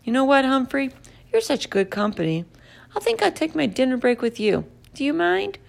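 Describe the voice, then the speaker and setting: A woman's voice: high-pitched, sing-song, moderate pace, creaky, pitched above the performer's own voice, heavily acted. Woman doing a jolly joking janitor. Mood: friendly. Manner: chatty, jokey, friendly. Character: jolly talkative male night janitor, joking. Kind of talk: storybook reading.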